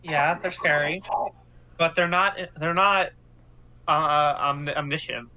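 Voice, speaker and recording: A man voicing a wary teenage girl who questions a secret agent in slow, earnest, probing questions. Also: a little high, fairly even intonation, bright, forceful tone, heavily acted. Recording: muffled online call audio.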